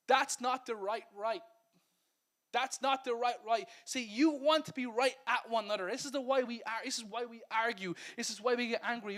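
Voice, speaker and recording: High-voiced Irish pastor preaching lively. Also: male voice. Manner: lively, conversational preaching that acts out quotes and laughs at himself. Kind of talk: sermon. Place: church service.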